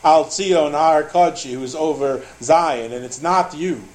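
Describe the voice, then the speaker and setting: A man with a slightly high voice teaches a Torah class. He moves between Hebrew verses and quick English translation, acting out the back-and-forth dialogue with lively energy. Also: low-quality recording. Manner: translates Hebrew phrase by phrase, animated retelling.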